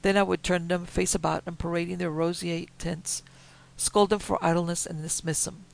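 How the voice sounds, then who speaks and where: Man narrating a story, gravelly voice. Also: high-pitched, little pitch movement, low-quality recording. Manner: measured, quiet, gravelly reading. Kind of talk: reading a Victorian story aloud.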